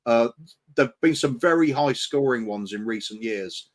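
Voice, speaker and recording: A man with an ordinary mid-pitched voice, co-hosting a casual stream. He rambles reflectively, restarting sentences often. His talk is loose and conversational. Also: expressive, normal speed. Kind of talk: casual chat on a live stream.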